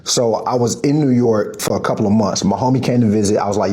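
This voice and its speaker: A man casually telling how he met his fiancée, relaxed and acting out what he said at the time. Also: fairly low pitch, fast talker. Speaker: interviewee telling a couple's story. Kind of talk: casual storytelling.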